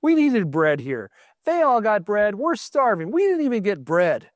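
A man's voice: high voice, sing-song, normal speed, no room sound, clean studio sound. A man voicing a grumbling, hungry male disciple who complains about forgotten bread. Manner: complaining, exasperated.

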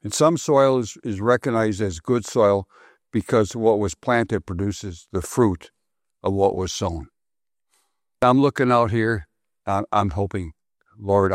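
A man's voice: on the low side, takes it slowly, long pauses, dry recording, studio quality. A man preaching a sermon to his congregation, repeating phrases for emphasis and putting questions to the listeners. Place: congregation hall.

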